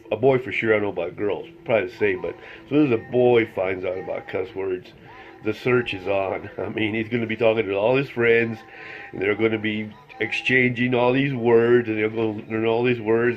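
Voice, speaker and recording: Older man, low voice, folksy and meandering, dull lo-fi sound, faint music behind. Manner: folksy, meandering, tells jokes with quoted voices. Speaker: grandfather recording videos for family. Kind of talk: rambling storytelling to camera.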